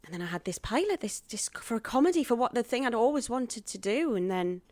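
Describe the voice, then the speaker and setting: A woman's voice: a little high, fairly quick, no echo. A woman, a guest telling her own stories in an interview and acting out the voices of people she quotes. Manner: animated storyteller acting out quoted dialogue. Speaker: guest, actress and stand-up comic. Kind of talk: podcast interview storytelling.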